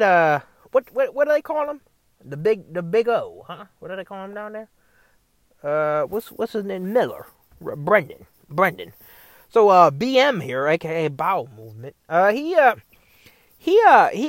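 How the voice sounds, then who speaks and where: A man's voice: fairly high pitch, no room sound. A man rambling sarcastically to the camera from a parked car, stammering, repeating himself and swearing a lot. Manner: repetitive, stammering, frequent swearing. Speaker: vlogger.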